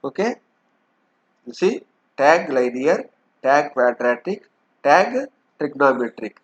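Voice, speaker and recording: A man's voice: mid-range voice, very animated, slow. A man teaching, explaining step by step and often saying "okay". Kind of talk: lecture walking through a document. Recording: dull lo-fi lecture recording.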